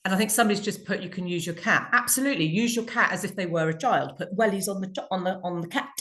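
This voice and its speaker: A woman's voice: medium pitch, quick pace, a bit bright. A woman from the UK in a casual online panel chat, chatty and jokey, with many restarts. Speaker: consumer rights campaigner and co-host.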